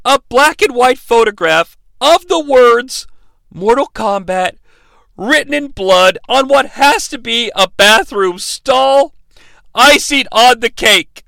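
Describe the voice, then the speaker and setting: A man's voice: extremely high pitch, expressive, takes it slowly, gravelly, bright, forceful tone, no room sound. A young adult man hosting a sarcastic, profane comedic movie recap. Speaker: movie reviewer, host.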